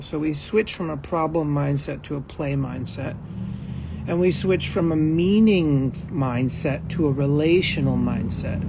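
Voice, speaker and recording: A man's voice: fairly high pitch, creaky, a little mellow, a little hiss or hum, rough recording. A man teaching a non-conceptual meditation practice in a conversational way, often acting out inner thoughts and checking in with his listeners. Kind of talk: teaching a spiritual practice talk.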